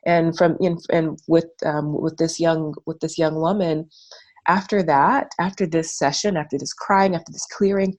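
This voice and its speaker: Woman, interview guest; low-ish voice, earnest reflective storytelling, loose and filler-heavy. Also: fairly even intonation, normal speed, darkish tone.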